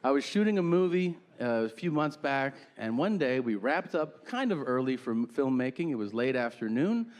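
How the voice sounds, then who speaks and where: A middle-aged man telling a stand-up story in a deadpan way and acting out the other people in it. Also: mid-range voice, normal speed, hardly any pauses. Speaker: stand-up comedian. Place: theater stage before a laughing audience. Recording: live stage recording with audience noise.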